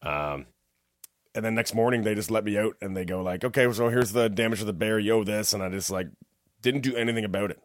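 A man's voice: on the low side, quick pace, dry recording, studio quality. A man in casual chat, telling a rambling, profane story and acting out what people said. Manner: rambling, profane, acts out quotes.

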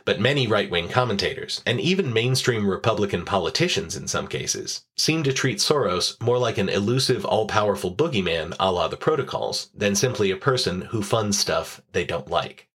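A man's voice: fairly low pitch, lively intonation, moderate pace, few pauses, fairly bright tone, breathy edge. A man hosting a podcast, reading scripted narration with sardonic, profane commentary. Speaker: podcast host.

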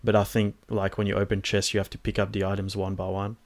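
Brief: male co-host, low voice, hesitant casual delivery. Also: fast talker. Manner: relaxed, hesitant, many ums. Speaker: podcast co-host. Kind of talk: casual chat.

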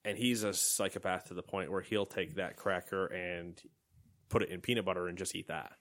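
A man's voice: sits low, fairly even intonation, normal speed, a bit bright. A young man co-hosting a podcast in casual, rambling chat and laughing often. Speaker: podcast co-host.

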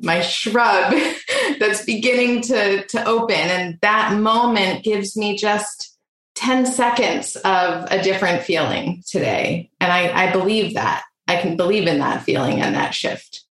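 A woman speaking as a panel guest, reflective and halting as she searches for words. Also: medium pitch, a bit bright, reverberant. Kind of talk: reflective conversation.

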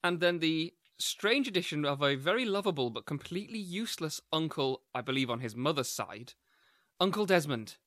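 A man recapping a film's story for a podcast in a steady, lightly wry way. His voice is bright and forward, and the recording is dry and close with no room sound. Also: fairly high pitch, normal speed, no echo. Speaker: podcast co-host. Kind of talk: plot recap for a film podcast.

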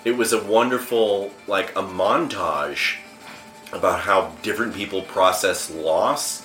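A man's voice: low-pitched, a little slow, fairly bright tone. A man hosting a podcast, chatting animatedly about video games and films, swearing freely. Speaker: podcast host. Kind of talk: casual gaming chat. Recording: roomy echo with faint music.

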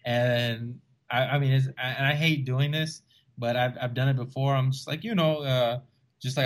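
A young man from South Texas with a Texan accent, co-hosting a casual podcast and telling lively stories with frequent laughs and restarts. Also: mid-range voice, moderate pace. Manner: animated storyteller, laughs often, many restarts. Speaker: podcast co-host.

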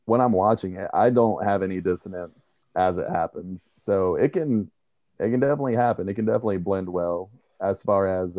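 A man co-hosting a casual discussion, speaking in a measured way with many fillers. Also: low voice, warm tone, no room sound. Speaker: podcast co-host. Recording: dull dry lo-fi sound.

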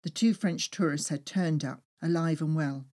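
A woman reading her own travel memoir aloud with lively, expressive storytelling. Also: deep voice, normal speed. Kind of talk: first-person memoir reading.

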